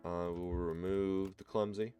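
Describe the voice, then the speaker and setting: A man with a Midwestern accent talks through his card game run, explaining each choice to viewers as he thinks it over. His voice is very low and smooth. Soft music plays faintly underneath. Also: level tone, a little slow. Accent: American Midwest. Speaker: gameplay commentator. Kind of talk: relaxed let's-play commentary.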